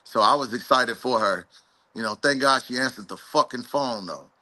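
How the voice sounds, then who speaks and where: A man talks in a very bright, forward tone. He rambles easily through his story, full of fillers and casual cursing, like an organizer chatting live on a show. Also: medium pitch, moderate pace. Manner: laid-back, rambling with fillers, swears casually. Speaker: event organizer. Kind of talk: casual chat.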